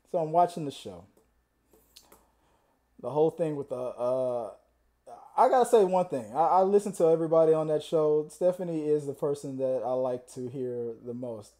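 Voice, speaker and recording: A man hosting a show, ranting comically and acting out the voices he quotes. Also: mid-range voice. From Texas. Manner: animated, acts out quoted voices, laughs often. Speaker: podcast host. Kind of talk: comedic rant.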